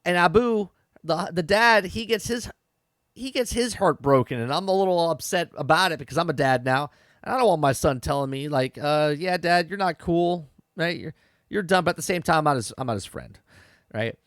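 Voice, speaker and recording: A man with a fairly high, slightly bright voice talks a little fast as he casually recaps and reviews a TV episode on his podcast. He's a parent and chatty, repeating words, restarting sentences, and frequently tossing in "okay?" and "right?" The recording is dry and studio quality.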